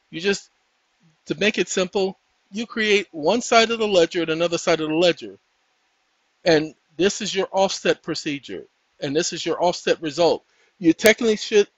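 Male host, high animated voice, folksy preacher-like delivery, dull dry lo-fi recording. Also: dry recording. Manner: folksy, preachy, addresses viewers as ladies and gentlemen; breaks off to talk to his dogs. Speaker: channel host. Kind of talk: casual screen-share tutorial.

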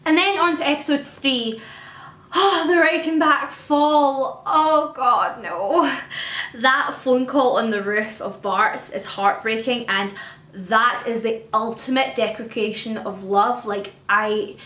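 Gushing woman, higher voice. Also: a little slow, sharp tone, echoey room. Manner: gushing, emotional and effusive. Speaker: vlogger. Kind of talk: casual fan chat to camera.

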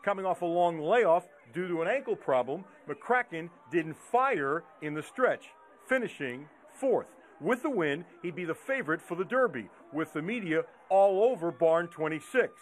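A man's voice: on the high side, animated, moderate pace. A man reporting a news feature, telling the story in a friendly storytelling manner. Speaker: sports reporter.

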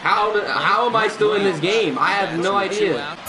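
A young man streaming a baseball video game, yelling and cursing at it, then dropping to mutters and trash talk. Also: high-pitched, normal speed. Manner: loud, profane, swings between yelling and muttering. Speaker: gaming streamer. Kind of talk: raging gameplay commentary. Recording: game crowd noise behind.

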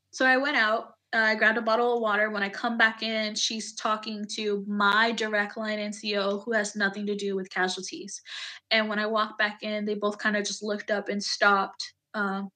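A woman veteran speaks with a bright, clear-toned voice. She tells a painful memory candidly and plainly, filling her sentences with pauses and small fillers as she goes. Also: medium pitch. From United States. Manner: candid, emotional retelling with many fillers. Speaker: Army veteran guest. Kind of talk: personal storytelling in an interview.

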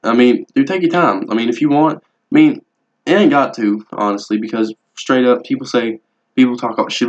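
A man's voice: medium pitch, moderate pace, darkish tone. A young man, rambling and swearing bluntly through a casual vlog about his tattoos. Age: young adult. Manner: profane, rambling, laid-back and blunt. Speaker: vlogger. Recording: dull lo-fi home video audio.

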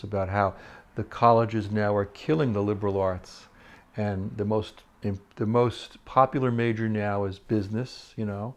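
A woman hosting a talk show, interviewing a guest. She talks effusively and keeps up a steady stream of encouraging murmurs of agreement. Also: a bass voice.

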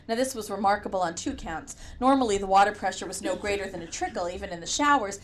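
Wry woman narrating an audiobook. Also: medium pitch. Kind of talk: first-person audiobook narration.

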